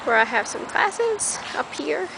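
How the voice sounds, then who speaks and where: A woman's voice: high-pitched, very animated, a little slow, vocal fry. A young woman walking around a college campus outdoors, talking casually to a handheld camera in a chatty, rambling way. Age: young adult. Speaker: college student vlogger. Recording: noisy outdoor camera audio.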